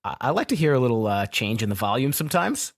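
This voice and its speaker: A man's voice: mid-range voice, big pitch swings, quick pace. A man co-hosting a casual podcast, talking in a rambling, self-correcting and good-natured way. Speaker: podcast co-host.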